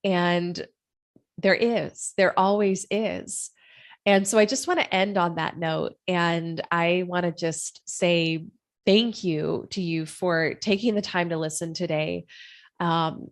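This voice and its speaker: A woman hosting her own podcast, talking alone in an earnest, reflective way and asking many rhetorical questions. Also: fairly low pitch. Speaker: podcast host. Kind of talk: solo podcast monologue.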